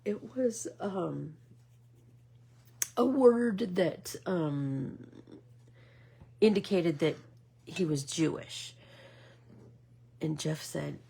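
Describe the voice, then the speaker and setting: A middle-aged woman talks casually while she makes art, her low voice slow and unhurried. Her tone is gravelly and husky, and she rambles through her story with plenty of fillers, sometimes sinking into a whisper. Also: warm tone. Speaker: art vlogger.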